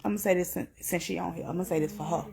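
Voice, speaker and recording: A woman's voice: fairly even intonation, racing, vocal fry, warm tone. Earnest woman giving heartfelt testimony. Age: middle-aged. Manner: earnest, repetitive, rising to high emphatic peaks. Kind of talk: emotional spoken testimony.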